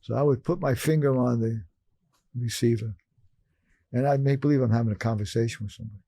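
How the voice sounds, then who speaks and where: Older husky man telling his story. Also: quick pace, no echo. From Brooklyn, New York. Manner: animated, acts out his past self in higher voices. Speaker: guest. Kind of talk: storytelling in conversation.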